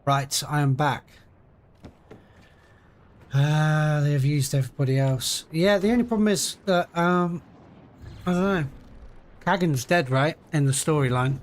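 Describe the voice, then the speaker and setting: A man's voice: fairly high pitch, measured pace, long pauses. A young British man streaming a video game live, chatting casually and answering viewers while he plays. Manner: chatty, reads and answers chat while playing. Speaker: gaming livestreamer.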